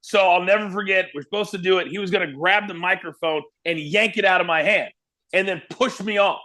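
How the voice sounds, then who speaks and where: A man from Kansas, a former wrestling broadcaster, telling animated stories as an interview guest. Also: high-pitched, a little fast. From Kansas, USA. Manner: lively, animated storyteller. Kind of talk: storytelling interview.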